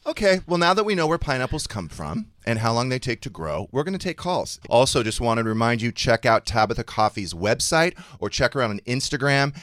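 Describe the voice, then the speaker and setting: A man hosting a talk show, chatting casually with animated, self-mocking storytelling and frequent swearing. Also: medium pitch, brisk, hardly any pauses, dry recording, studio quality. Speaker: radio show host. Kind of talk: casual chat.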